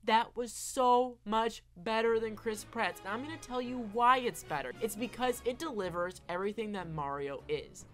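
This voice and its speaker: A woman's voice: fairly high pitch, normal speed, few pauses, over music. Emphatic woman giving casual commentary. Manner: emphatic, often tags points with "all right?". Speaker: online film commentator.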